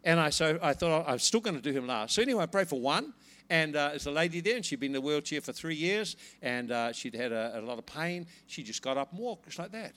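Animated man preaching with stories. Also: on the high side, fast talker. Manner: animated storytelling, rises to laughing excitement. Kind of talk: sermon with personal story.

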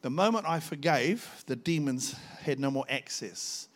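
A man's voice: mid-range voice, lively intonation, a little slow. A man preaching a testimony sermon, telling his story fervently and rising to emphatic peaks.

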